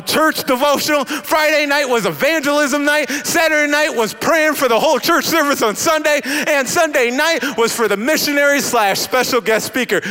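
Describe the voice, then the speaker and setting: A young man telling a stand-up story, animated and acting out the voices of the people in it. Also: long reverb tail. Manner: animated, acts out voices, big pitch swings. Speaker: comedian.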